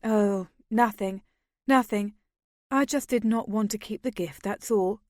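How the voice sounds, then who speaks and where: A woman doing a calm, composed young noblewoman. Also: mid-range voice, measured pace, dry recording, studio quality, lightly acted. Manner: calm and unruffled. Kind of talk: audiobook character voice.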